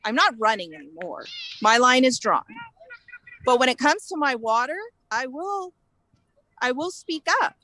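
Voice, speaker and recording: A woman from California, a guest telling her story in an animated, indignant way and acting out the exchanges she quotes. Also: high-pitched, a little slow, long pauses, a little hiss or hum, poor audio. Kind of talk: casual interview storytelling.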